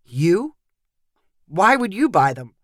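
A woman reading aloud plays a tired father in a storybook, strained and quick to defend himself. The voice sits low and sounds dry and close. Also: big pitch swings, no room sound, full character voice. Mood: defensive.

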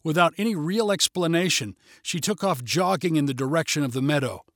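A man reads an adventure story aloud in a measured, steady narration. His voice sits somewhat high for a man. The recording is dry and close, with no room sound. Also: no room sound.

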